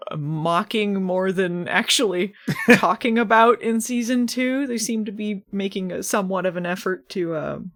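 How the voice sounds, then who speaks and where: A woman hosting a podcast, recapping a TV episode in casual chat with a wry, sarcastic manner, acting out the characters' lines. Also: on the low side.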